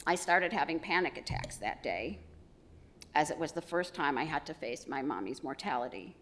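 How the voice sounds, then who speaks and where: A middle-aged woman giving a eulogy for her mother, telling stories with gentle humor. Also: sits low, lively intonation, normal speed. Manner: warm storytelling with gentle humor. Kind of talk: funeral eulogy.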